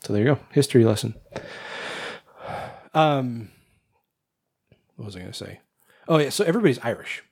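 A man co-hosting a podcast, chatting casually about a film, blunt and quick to swear, often trailing off and restarting. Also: medium pitch, lively intonation, vocal fry, a little mellow, husky. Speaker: podcast co-host. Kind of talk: casual movie review chat.

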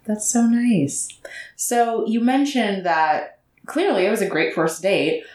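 A woman's voice: medium pitch, lively intonation, takes it slowly, darkish tone. Woman host sounding far off in a roomy space. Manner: encouraging, frequent affirming interjections. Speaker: podcast host. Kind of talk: casual interview chat. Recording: distant from mic, roomy echo.

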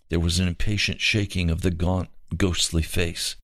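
A man reading a story aloud in an earnest, measured way. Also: sits low, little pitch movement, fairly bright tone, no room sound. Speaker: reader. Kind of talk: storytelling narration. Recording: dry close recording.

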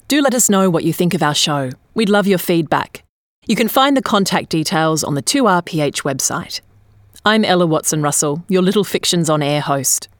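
A woman's voice: on the low side, animated, normal speed, no room sound, clean studio sound. A woman signing off as host of a radio show. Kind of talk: scripted show sign-off.

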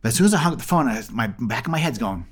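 Rapid-fire and slightly rough, this middle-aged man's mid-range voice belongs to a comedy magician recounting a story in a casual interview. He stays animated throughout, performing the voices of the people he quotes.

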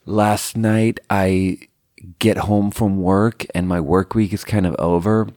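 A man's voice: low voice, fairly even intonation, normal speed, a little mellow, no echo, clean studio sound. A young man hosting a podcast, telling a rambling, profane, self-deprecating story in a casual monologue. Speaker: podcast host.

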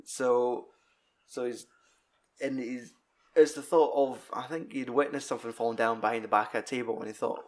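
A man's voice: mid-range voice, steady tone, normal speed, a little mellow. A Scottish man in his thirties, chatting casually and rambling through a film retelling, swearing constantly. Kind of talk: casual chat.

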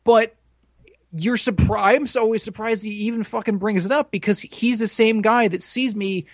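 A man's voice: high-pitched, fairly even intonation, moderate pace, no echo, clean studio sound. Rambling, cursing man in casual chat. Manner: rambling, profane, self-deprecating. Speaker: podcast co-host.

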